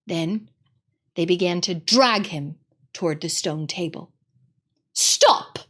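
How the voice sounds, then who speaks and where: A woman narrating a storybook read-aloud in an expressive, dramatic way. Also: fairly low pitch, measured pace, husky.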